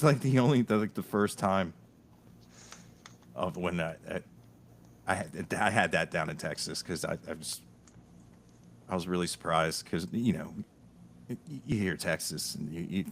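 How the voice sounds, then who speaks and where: Deep-voiced and a little slow, this podcast host from Delaware in the US Northeast pauses often, with a little hiss or hum audible. He spins stories in casual talk, full of laughter and frequent restarts.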